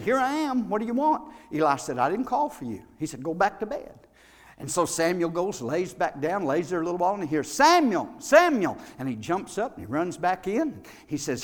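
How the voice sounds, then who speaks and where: Folksy male preacher with a high voice, storytelling that swells into shouting, in a reverberant church. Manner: builds from quiet storytelling to shouted fervor; folksy, repeats words. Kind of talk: sermon. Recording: long hall reverb.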